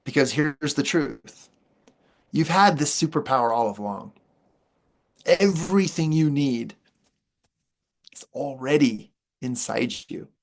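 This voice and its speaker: A man's voice: medium pitch, animated, slow, pauses often. A man giving a motivational workshop training, upbeat and playful, with jokes and emphatic repetition.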